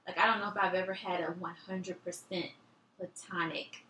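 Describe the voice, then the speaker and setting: Woman, 30s, from Detroit, soft sultry phone voice, echoey room with faint hiss. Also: lowish voice, level tone, moderate pace. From Detroit, USA. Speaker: podcast co-host. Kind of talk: casual chat.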